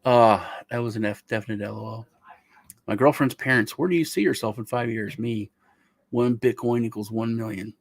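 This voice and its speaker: A man's voice: medium pitch, fairly even intonation, moderate pace, gravelly, no echo. A middle-aged man hosting a casual meme review, rambling and joking as he tells stories. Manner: rambling, joking, self-interrupting. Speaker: host.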